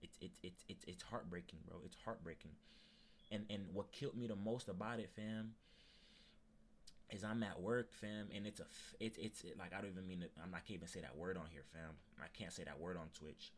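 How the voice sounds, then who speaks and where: A man's voice: sits low, steady tone, brisk, slight background noise. A young male streamer with a Haitian Creole-tinged Florida accent, emotionally ranting on a livestream, repeating himself for emphasis and fighting back tears. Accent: Haitian Creole-influenced Floridian English. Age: young adult. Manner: repetitive, emphatic, slangy.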